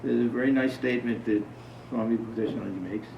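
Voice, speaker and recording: This man's mid-range, gravelly voice moves at a quick pace with fairly even intonation, over slight background noise. He tells stories and questions his small audience during a casual spiritual talk. The recording sounds roomy, muffled and distant.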